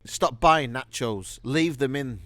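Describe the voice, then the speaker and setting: A man's voice: mid-range voice, fairly bright tone. A man co-hosting a comedy podcast in casual chat, teasing his co-host and laughing easily. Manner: teasing, quick to laugh, with blunt interjections.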